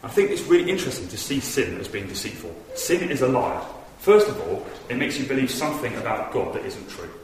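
A man's voice: mid-range voice, very animated, fairly quick, hardly any pauses. A man giving an earnest, conversational sermon in a church hall, telling stories with animation. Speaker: preacher. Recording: echoey hall from far off with noise.

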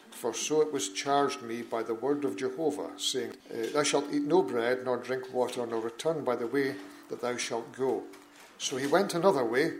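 A man reading scripture aloud at a church meeting, steady and measured, with brief asides to the listeners about where to turn in the Bible. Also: mid-range voice, rough recording.

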